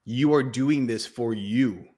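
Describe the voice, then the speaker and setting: A man in his thirties talks in a relaxed way, animated and reflective, laughing easily as he thinks aloud. His voice sits at a medium pitch, a little lower than average. The delivery is loose and conversational. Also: slow. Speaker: podcast co-host. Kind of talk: casual chat.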